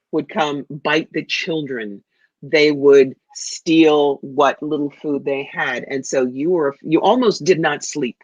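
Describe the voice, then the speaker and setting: A woman's voice: low voice, no echo. Woman psychic doing readings, sure of herself, calls ppl darling, dry dull call audio. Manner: confident, calls people darling and honey. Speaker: psychic medium guest. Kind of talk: giving psychic readings on a livestream.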